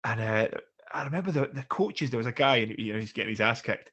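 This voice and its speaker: A man hosting a podcast, chatting in a relaxed way with short agreeing interjections. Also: mid-range voice, quick pace, breathy edge, lo-fi sound. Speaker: podcast host. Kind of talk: casual podcast chat.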